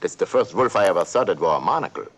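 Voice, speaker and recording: Sitting low with lively intonation, this man's exaggerated, breathy voice races along fast. He plays an eccentric old male duck professor who giggles, rambles and keeps correcting himself in playful storybook narration for a talking toy.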